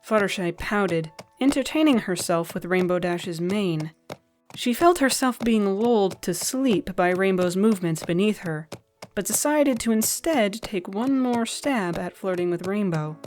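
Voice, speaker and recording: A woman narrating a fan-fiction story in a gentle, even reading style. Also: mid-range voice, a little slow, faint music behind.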